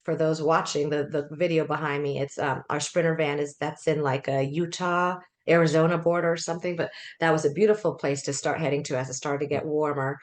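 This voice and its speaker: This is a woman in her fifties, a life coach guesting on an interview. She tells her story in a loose, chatty way, full of laughs and restarts, in a fairly low voice. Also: fairly even intonation, brisk, few pauses.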